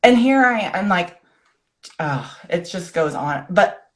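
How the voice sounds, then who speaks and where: A woman's voice: lowish voice, lively intonation, slow. A woman in her forties, a guest author, earnestly telling her personal story in a rush of short phrases and acting out the words of people she remembers.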